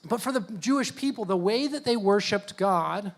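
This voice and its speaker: A youth pastor preaching to young people in a casual, joking, conversational way. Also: male voice, sits high, animated, moderate pace. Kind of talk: youth sermon.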